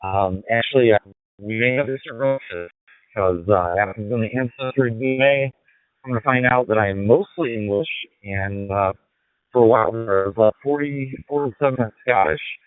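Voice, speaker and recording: A man's voice: medium pitch, a little fast. A man, an amateur radio operator calling from his car, talking hesitantly with many fillers during a ham radio contact. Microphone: mobile radio handset. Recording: lo-fi digital radio link.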